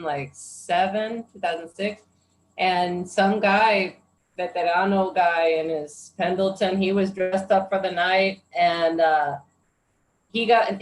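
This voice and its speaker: A woman on a podcast, telling a relaxed anecdote in casual chat. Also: mid-range voice. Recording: echoey room with faint noise.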